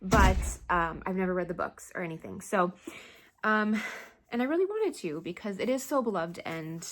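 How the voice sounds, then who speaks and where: A woman's voice: mid-range voice, moderate pace. Chatty woman vlogging about books. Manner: chatty and animated, laughs often. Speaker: book vlogger. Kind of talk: casual chat.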